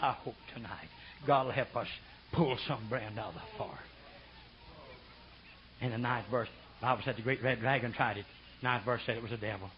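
An older man preaching a sermon, rambling and folksy, swinging from low murmurs to high shouted bursts. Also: slight background noise. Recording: dull lo-fi sermon recording.

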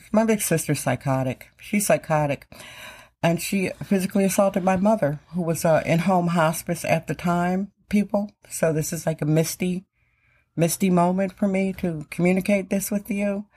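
A woman's voice: on the low side, normal speed, a little mellow. A middle-aged woman from Wisconsin hosting her own podcast, talking emphatically and repeating phrases for stress. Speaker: podcast host. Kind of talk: casual podcast monologue.

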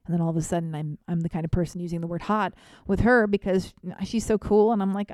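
A woman tells a comic personal story in a lively, theatrical way. She often pokes fun at herself. Her voice is mellow and warm, and it is recorded close and dry. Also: mid-range voice, fast talker, dry recording. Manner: animated, self-deprecating, theatrical. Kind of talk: comedic storytelling monologue.

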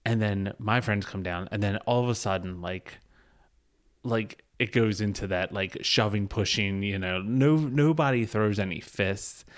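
A man's voice: fairly low pitch, a little slow. A man telling a rambling, profane bar story in casual podcast chat, laughing often.

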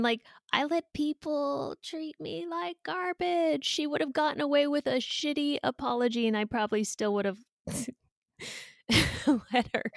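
A woman's voice: medium pitch, dry recording. Brief: emotional, candid woman in her forties, interview guest, dry close sound. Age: 40s. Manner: emotional and candid, with pauses and restarts. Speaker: podcast guest.

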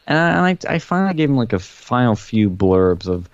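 A man's voice: on the low side, very animated, a little fast. A man retelling a story in casual podcast chat, rambling and profane, with dull, dry lo-fi audio. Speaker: guest telling a story.

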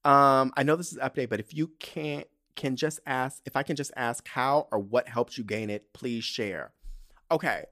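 A young man talking on his own podcast, sassy and loose-tongued. He curses freely and swings between biting rants and chatty storytelling, with a lively, animated delivery. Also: mid-range voice, moderate pace. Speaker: podcast host. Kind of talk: casual solo podcast rant.

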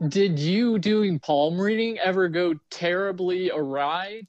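A woman with a fairly low voice chats at a very slow pace on a podcast. She laughs easily and slips in wry one-liners. The recording is dry and close. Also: a little mellow, no echo, highs cut off. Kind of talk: casual chat.

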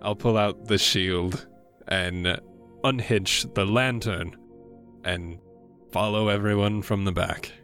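Man, tabletop player, calm reflective, very deep voice, slow pace. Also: faint music behind. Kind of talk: in-character tabletop roleplay.

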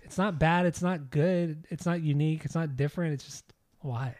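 A man co-hosting a music podcast, talking casually and swearing freely as he argues his opinions. His voice sits a little high with a mellow, relaxed tone. It is recorded dry and close. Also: moderate pace, no echo. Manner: profane, opinionated, blunt. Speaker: podcast co-host. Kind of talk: casual chat.

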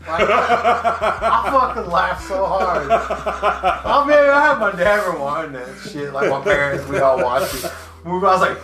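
A man's voice: sits high, measured pace, roomy sound, a crowd in the background. A man co-hosting a podcast, telling stories in casual, profane chat and laughing often. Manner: animated, profane, laughing storyteller. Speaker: podcast co-host.

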